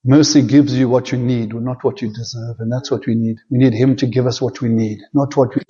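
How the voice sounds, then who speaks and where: A man's voice: medium pitch, steady tone, brisk. Fervent male preacher, muffled recording. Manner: fervent, swings between loud pleading climbs and soft hushed prayer. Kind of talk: sermon with altar call and prayer.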